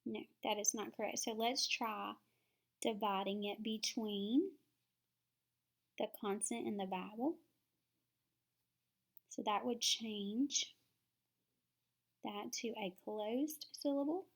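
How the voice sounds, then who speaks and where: A woman teaching phonics, explaining each step slowly and sounding words out syllable by syllable. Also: a little high. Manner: slow, deliberate, sounding words out.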